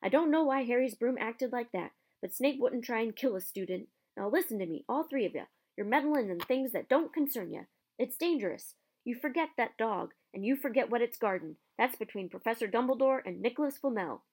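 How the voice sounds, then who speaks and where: A woman voicing a huge, gruff male half-giant groundskeeper who talks stubbornly in an audiobook reading. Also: a little high, expressive, brisk, few pauses, darkish tone. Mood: heated.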